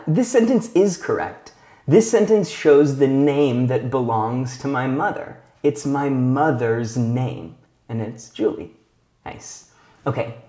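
Man teaching slowly in an echoey room. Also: mid-range voice, darkish tone. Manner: slow, clear teacher talk with frequent check-in questions. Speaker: English teacher. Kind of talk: video lesson for learners.

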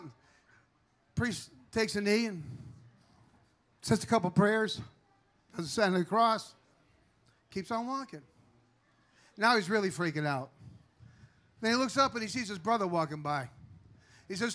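A man's voice: high-pitched, moderate pace, long pauses, a bit bright. A man telling a joke and a heartfelt tribute on a live bar stage into a handheld mic. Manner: storytelling, plainspoken, heartfelt. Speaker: car salesman.

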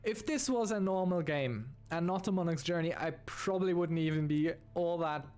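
A man's voice: on the high side, moderate pace, a little mellow, smooth. A man commentating his own strategy game play, thinking aloud and groaning at bad turns. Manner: dismayed, groaning and sighing at setbacks; talks to himself while playing. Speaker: gaming channel host.

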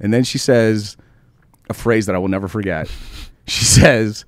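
A man's voice: lowish voice, unhurried, background noise. A man hosting a comedy podcast, telling a long story with lots of energy and casual swearing. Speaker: podcast host.

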